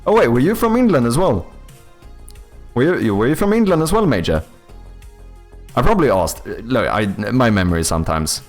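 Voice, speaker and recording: A man's voice: medium pitch, very animated, moderate pace, pauses often, faint music behind. A young man, chatting casually with viewers while making a game on stream, rambling and joking with casual swearing.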